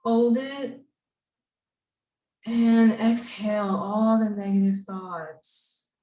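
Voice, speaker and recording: Mid-range and steady, a camp instructor's voice calmly walks children through breathing and mindfulness. She speaks slowly and soothingly, recorded from a distance in a room with echo.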